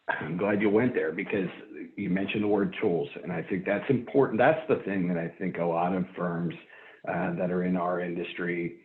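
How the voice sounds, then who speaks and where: A man talking earnestly as a guest in a casual interview. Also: low voice. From Ohio. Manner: earnest, animated when acting out phone calls. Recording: tinny phone-like line.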